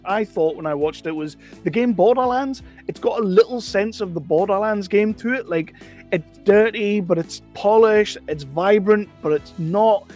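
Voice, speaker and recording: A man's voice: high voice, a little mellow. A man giving a casual, opinionated film review, chatty and rambling, often correcting himself mid-sentence.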